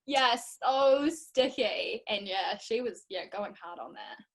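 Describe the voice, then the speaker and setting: A young woman, a guest in casual chat, telling stories in an animated, expressive way. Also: medium pitch, slow. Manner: animated, expressive storytelling with laughs.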